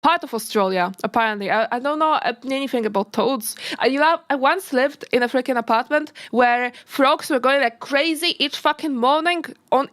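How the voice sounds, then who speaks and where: A woman VTuber chatting casually on a reaction stream, giggly and rambling, often breaking off mid-sentence and bursting into excited remarks. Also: a little high. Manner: giggly, rambling, self-interrupting; excitable outbursts.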